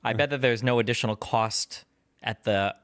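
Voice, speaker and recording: A man co-hosting a podcast, skeptical and reasoning aloud through quick guesses in casual debate. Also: mid-range voice, a bit bright, clear, resonant tone, dry recording, studio quality. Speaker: podcast co-host.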